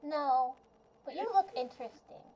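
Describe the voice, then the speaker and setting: A woman's voice: sits high, moderate pace, slight background noise, close to an everyday voice. A woman voicing a cheerful, curious little girl summoner in a tabletop game, talking in a bubbly, chatty way. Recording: muffled lo-fi mic.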